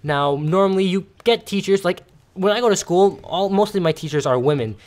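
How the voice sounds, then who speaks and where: A teenage boy talks over gameplay in a loose, rambling rant. His voice sits somewhat high for a male, and he trails off and restarts his sentences often. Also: animated, fairly quick. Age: teens. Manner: rambling, ranting, many fillers and restarts. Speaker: gameplay commentator. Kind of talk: casual gaming commentary rant.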